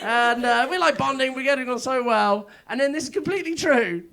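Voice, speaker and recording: A man's voice: very high voice, brisk, sharp tone. A stand-up comedian, a man, telling rambling, self-mocking stories on a club stage. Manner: rambling, self-mocking storytelling with frequent laughs. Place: comedy club stage before a live audience. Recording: live room with crowd laughter. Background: audience laughter.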